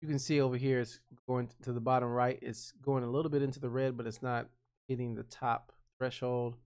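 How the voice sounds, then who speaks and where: A man with a smooth, resonant voice of ordinary pitch narrates his own editing session. He thinks aloud, naming each step as he clicks, relaxed and conversational with frequent restarts. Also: fairly quick. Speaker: freelance video editor explaining his workflow. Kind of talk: casual screen-recorded tutorial.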